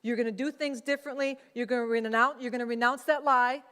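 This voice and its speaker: Woman pastor, casual sermon, higher voice, long hall reverb. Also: fairly even intonation, fast talker, fairly bright tone, smooth. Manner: conversational, acts out quoted voices.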